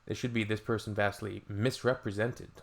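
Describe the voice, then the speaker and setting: A man's voice: fairly low pitch, steady tone, normal speed, vocal fry. A man from Canada, hosting a reaction video with dry, sarcastic asides in casual commentary.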